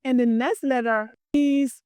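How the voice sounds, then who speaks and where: A woman teaching young children the Arabic alphabet, drawing out each letter sound and praising them often in a gentle, encouraging way. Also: high voice, fairly even intonation, unhurried, smooth, no echo.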